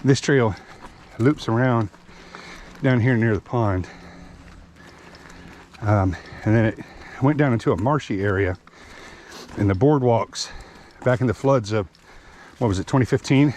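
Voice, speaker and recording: A man's voice: mid-range voice, measured pace, long pauses, darkish tone, a little hiss or hum. A man, narrating a hiking vlog outdoors on a wooded trail, a bit out of breath as he chats about the trail and his gear. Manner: chatty, explains gear plainly. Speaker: hiking vlogger.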